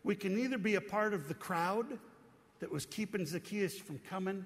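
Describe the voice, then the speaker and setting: A man's voice: high-pitched, moderate pace. A middle-aged male pastor giving an earnest, conversational sermon in a church, asking the congregation rhetorical questions. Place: church sanctuary. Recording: long reverb from a hall.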